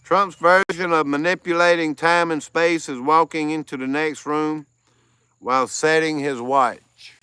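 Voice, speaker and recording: A man's voice: fairly high pitch, steady tone, a little slow, sharp tone, clean tone, no echo. Tired laid-back man chatting with viewers. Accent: American. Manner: greets chat viewers by name, laughs often. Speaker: livestream host. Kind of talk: casual livestream chat.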